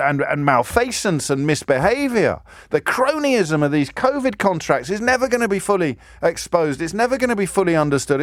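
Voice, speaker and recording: A man's voice: a little high, no echo, studio quality. A man in his fifties hosting a radio phone-in, delivering an indignant, sarcastic monologue that builds to anger. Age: 50s. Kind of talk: impassioned talk radio monologue. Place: radio studio. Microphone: studio microphone.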